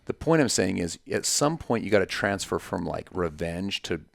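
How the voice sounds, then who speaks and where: A man's voice: sits low, expressive, moderate pace, gravelly, dry recording, clean studio sound. A man talking as a podcast guest in casual conversation, emphatic and story-driven, with punchy repetitions.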